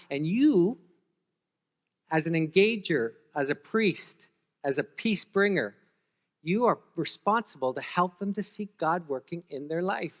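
A pastor preaches a sermon in a conversational way, frequently putting questions to the audience. His voice is medium in pitch and slightly bright, with a big-room sound.

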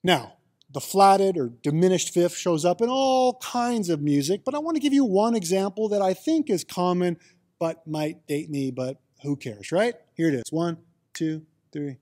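A man giving a casual, playful teaching talk on the Bible, with sudden animated exclamations. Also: high-pitched, normal speed.

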